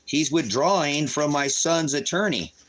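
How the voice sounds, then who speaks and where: A man's voice: on the high side, animated, a little slow, a bit bright, a little hiss or hum. A man angrily ranting on his livestream while reading court papers aloud, swearing and repeating himself. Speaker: livestream host. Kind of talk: agitated livestream rant.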